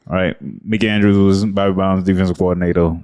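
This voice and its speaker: A man with a fairly low voice co-hosts a casual sports podcast. He talks in a relaxed way, spins stories and laughs often. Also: fast talker, clean tone. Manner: laid-back, storytelling, laughs often. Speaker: podcast co-host.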